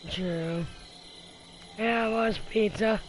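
A man streaming a game and chatting with teammates, excitable, laughing often and filling gaps with uhs. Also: high-pitched, takes it slowly, slight background noise. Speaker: gaming streamer. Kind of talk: live game commentary with teammates.

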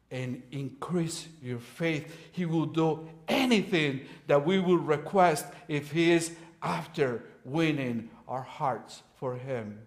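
A man giving a sermon as guest preacher, his voice a little higher than most men's. He speaks slowly and deliberately and retells scripture in relaxed, modern phrasing. He chuckles now and then.

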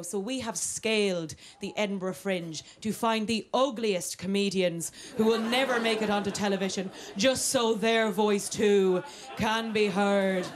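A young Irish woman hosts a live stand-up comedy night, chatty and self-mocking, now and then breaking into squealed exclamations. Her voice is medium in pitch with fairly even intonation at a normal speed. It's a live stage recording from the venue, with audience noise.

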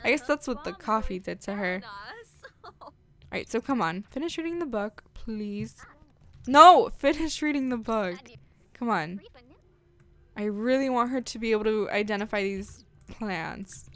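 A woman's voice: mid-range voice, expressive, moderate pace, pauses often. Bubbly woman narrating her gameplay. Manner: bubbly, gushing, chatty with lots of "like" and "freaking". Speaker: gaming channel host. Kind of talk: casual let's-play commentary.

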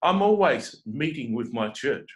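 A man's voice: mid-range voice, big pitch swings, unhurried, low-quality recording. A man preaching a confrontational sermon as a self-described prophet and teacher, scolding his listeners with pile-ups of rhetorical questions and often repeating words as he starts a sentence.

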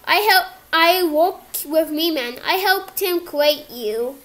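A woman with a very high voice voices all the characters of a homemade cartoon. She talks slowly and stops often, restarting her lines as she improvises. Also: expressive, a bit bright. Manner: halting, improvised, many restarts. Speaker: creator voicing all characters.

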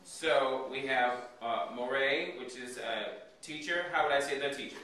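Bright-voiced man teaching in an echoey room. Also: mid-range voice, a little slow, distant mic. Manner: checks understanding with frequent "okay?". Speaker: Hebrew teacher. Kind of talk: classroom lesson with questions to students. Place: classroom.

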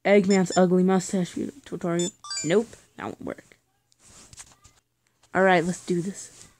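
A woman's voice: on the low side, fairly even intonation, a little slow, darkish tone, a little hiss or hum, low-quality recording. A woman giving casual gameplay commentary, chatty, exclaiming at her mistakes and making playful sound effects. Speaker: let's play host. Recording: game music playing behind.

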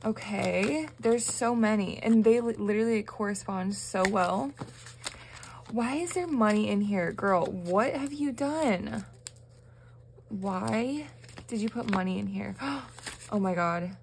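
A woman's voice: mid-range voice, takes it slowly, vocal fry, slight background noise. Gushing young woman vlogger. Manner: gushing, excitable, frequent gasps. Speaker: budgeting vlogger. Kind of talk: casual vlog chat to viewers.

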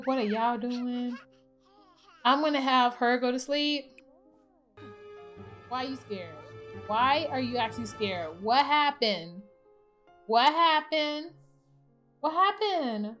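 Woman, excitable let's-play commentary, fairly high voice, soft background music. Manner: chatty, excitable, talks to her game characters. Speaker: gaming channel host.

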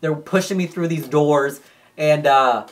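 Profane, animated young man telling a story. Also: fairly high pitch, unhurried. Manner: animated, profane, acts out quoted dialogue. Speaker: vlogger. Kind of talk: casual storytelling to camera.

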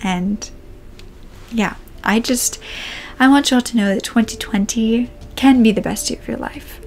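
A woman hosting a true crime channel, speaking a sincere, heartfelt message straight to her viewers, a little emotional, with some phrases trailing off soft and near-whispered. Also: fairly high pitch.

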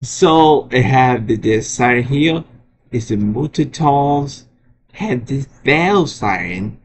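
A man presenting his alarm sirens in a casual show-and-tell vlog, often halting and restarting his sentences. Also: medium pitch, expressive, background noise. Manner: halting, frequent restarts and repeated words. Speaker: vlogger showing alarm sirens.

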